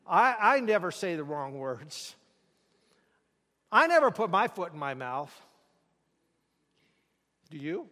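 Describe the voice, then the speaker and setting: Male preacher with a high voice, dramatic storyteller who asks the room rhetorical questions, heard with long hall reverb. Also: sing-song, takes it slowly, long pauses, pushed and bright. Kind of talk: sermon.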